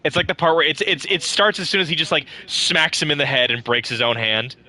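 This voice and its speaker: Animated joking man gaming with friends. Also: a little high, fairly quick. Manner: joking, animated, swears casually. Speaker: gamer playing co-op with friends. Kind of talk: casual gaming chat.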